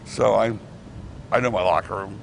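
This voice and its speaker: A man's voice: on the low side, normal speed, creaky, slight background noise. A middle-aged man telling rambling backstage anecdotes in a casual interview, acting out what others said, on a clip-on mic. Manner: rambling anecdotes with restarts, acts out quotes. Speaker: former wrestling promoter.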